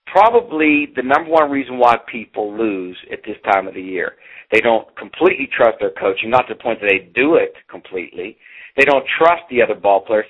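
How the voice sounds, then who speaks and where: A middle-aged man giving a motivational pep talk in emphatic, punchy short phrases. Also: lowish voice. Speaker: motivational speaker. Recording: phone-like radio broadcast.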